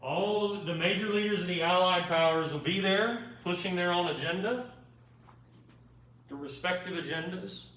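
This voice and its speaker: A man's voice: high-pitched, moderate pace, fairly bright tone. A man giving an informal, wry history lecture to a class, checking in with his students as he goes. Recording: echoey room, mic far off.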